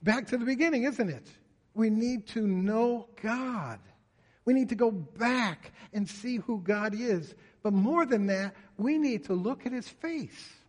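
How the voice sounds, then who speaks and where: A man's voice: high-pitched, expressive, unhurried. A man preaching a sermon in an earnest way, often voicing a psalmist's pleas in prayer. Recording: reverberant hall.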